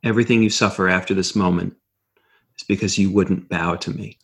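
A man's voice: sits low, steady tone, fairly quick, husky. A man voicing a possessed male corpse that speaks for a cold, indifferent evil in a tabletop game. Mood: menacing. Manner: cold, menacing.

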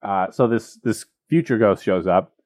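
A man's voice: fairly low pitch, moderate pace, darkish tone. A man telling a story in casual, joking podcast chat, rambling with comic asides.

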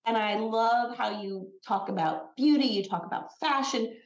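A woman who founded a skincare brand chats casually as a podcast guest, telling stories energetically and acting out the quotes. Her voice is fairly high and moves at a normal speed. The room is echoey and the audio poor.

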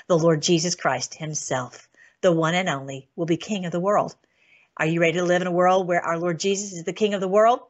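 A woman hosting an online show, talking casually and excitedly, reading scripture aloud and laughing often. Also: lowish voice. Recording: dull lo-fi sound.

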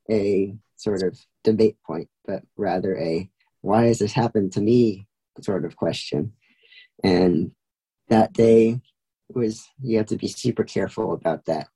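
A man's voice: fairly low pitch, dark tone, breathy edge, low-quality recording. A young man, a podcast guest, telling a story in a casual way with many "like"s and light laughs. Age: young adult. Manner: casual, filler-heavy with frequent "like", laughs lightly.

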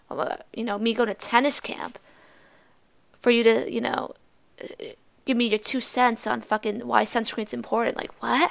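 A woman's voice: on the high side, creaky. A teenage girl from Massachusetts hosting a solo podcast, ranting in a blunt, profane and sarcastic way. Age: teens. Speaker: podcast host.

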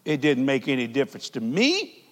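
A man preaching a televised sermon in a large church, fervent, with folksy grammar and shouting peaks. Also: medium pitch, huge pitch swings, normal speed, long reverb tail.

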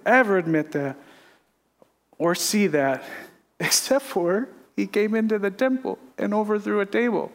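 A man's voice: high voice, unhurried. A middle-aged male pastor preaching a confessional sermon, earnest and emphatic, laughing at himself now and then, on a stage microphone in a church sanctuary. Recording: echoey hall reverb.

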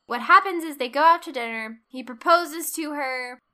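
A woman co-hosting a casual chat, retelling a film's plot in animated detail and acting out the characters' lines. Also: high-pitched, moderate pace. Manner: animated storyteller, acts out quotes, laughs often. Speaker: podcast co-host. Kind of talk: casual film recap chat.

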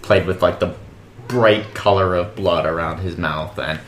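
A man co-hosting a podcast in casual chat, talking in a relaxed, rambling way with fillers. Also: low voice, unhurried, roomy sound, a little hiss or hum. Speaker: podcast co-host.

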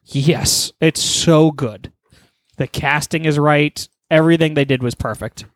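A man's voice: a little high, measured pace, no echo. A man animatedly retelling a story in casual chat, swearing often.

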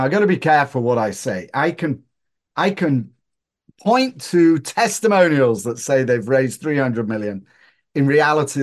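Joking Northern English man, guest. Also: mid-range voice. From Northern England. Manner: joking, self-deprecating storyteller. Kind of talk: casual interview chat.

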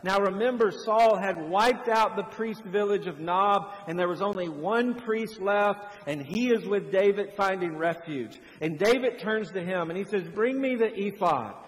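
A pastor preaching a sermon, moving between hushed, slow passages and loud, fervent ones. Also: male voice, high voice, long reverb tail, low-quality recording.

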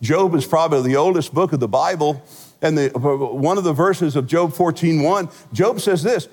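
A male senior pastor preaches a sermon in a large church sanctuary, telling stories with humor and big swings in loudness. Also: a little high, lively intonation, normal speed, big-room sound.

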